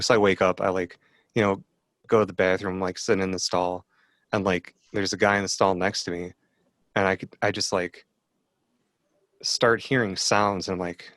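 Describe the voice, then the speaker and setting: Low-voiced man telling a rambling story. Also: a bit bright, no echo, clean studio sound. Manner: rambling storyteller, many fillers. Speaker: guest. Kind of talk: casual podcast chat.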